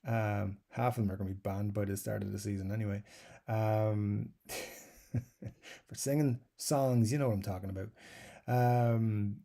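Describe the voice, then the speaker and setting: A guitar channel host on a live stream reads viewer comments aloud and answers them loosely, rambling and chuckling, calling himself a waffler. His voice is lowish, dark, and creaky, fairly even in intonation and a little slow, with long pauses and plenty of fillers.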